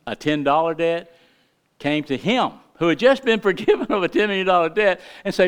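Middle-aged guy preaching a sermon, smooth clear voice, gets fired up then goes real quiet. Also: high-pitched, expressive, a little fast. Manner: impassioned preaching that swings from loud emphasis to hushed tones. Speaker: pastor.

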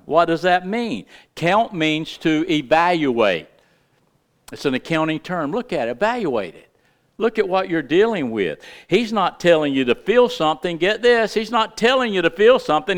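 A middle-aged male pastor preaching a sermon, with lively asides and questions to his congregation. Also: on the high side, clean tone.

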